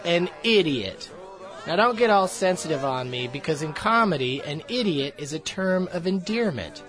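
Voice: mid-range voice, expressive, moderate pace, fairly bright tone. An emcee teasingly introducing the next comic. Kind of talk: comedy club introduction.

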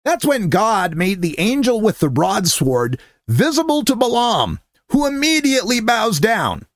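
A man's voice: very animated, measured pace, dry recording, clean studio sound. A man sarcastically retelling an old story as comedy, profane and mocking, jumping in and out of quoted voices. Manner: sarcastic, profane, swings pitch widely for jokes and quotes.

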